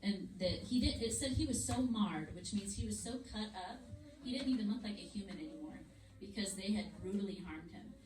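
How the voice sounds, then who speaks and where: A woman teaching a Bible story lesson to children in a church classroom, with an animated storytelling manner. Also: medium pitch, brisk. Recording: echoey room, far mic, noisy.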